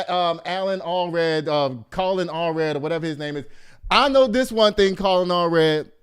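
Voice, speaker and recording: High, smooth man ranting. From Texas. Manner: animated, profane and mocking, laughing often. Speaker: host. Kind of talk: casual commentary.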